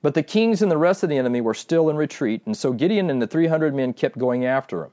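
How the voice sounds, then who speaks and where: Animated male preacher telling a Bible story. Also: a little high. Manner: animated storytelling, slows for emphasis, addresses listeners directly. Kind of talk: sermon retelling a Bible story.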